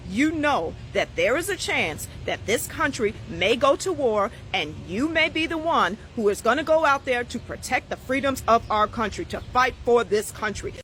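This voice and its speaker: A woman giving a firm, measured political commentary in a vlog. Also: sits high, pushed and bright, a little hiss or hum.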